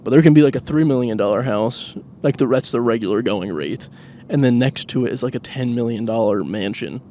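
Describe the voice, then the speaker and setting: A man talks to himself while he drives, hosting a loose solo podcast. He wanders from one odd thought to the next and makes fun of himself as he goes. His voice sits at an ordinary middle pitch, with a faint hum from the car behind it. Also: fairly quick, warm tone. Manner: rambling, self-mocking, laughs at his own jokes. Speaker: podcast host. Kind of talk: solo rambling comedic monologue. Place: inside a car, driving.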